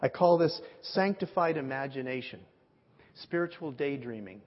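A man preaching and telling stories, acting out the dialogue with lively shifts. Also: mid-range voice, moderate pace. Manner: animated storyteller, acts out dialogue. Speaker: pastor. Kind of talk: sermon storytelling. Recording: muffled sound with long hall reverb.

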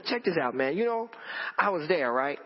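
A man preaching a storytelling sermon to a congregation, animated and repeating phrases for emphasis. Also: fairly high pitch, normal speed. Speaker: pastor. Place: church in front of a congregation. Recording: dull lo-fi audio with long hall reverb.

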